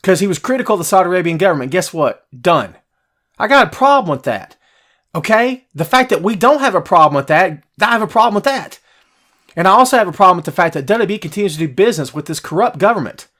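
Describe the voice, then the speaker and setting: A wrestling podcast host with a high-pitched, slightly bright, expressive voice talks fast on a casual livestream. He rants bluntly and passionately while responding to viewer comments, using slangy language and repeating himself a lot.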